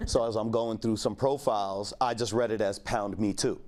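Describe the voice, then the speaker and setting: A man's voice: fairly low pitch, fairly even intonation, normal speed, darkish tone, a little hiss or hum. A man in his thirties doing a stand-up set in a laid-back, rambling, crude way, full of fillers. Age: 30s. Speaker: stand-up comedian.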